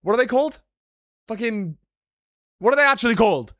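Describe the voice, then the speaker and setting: A young British man chatting casually on a live stream, joking and sarcastic, with quick swings in energy. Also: extremely high pitch, animated, a bit bright, no echo, studio quality. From Britain. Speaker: streamer and analyst.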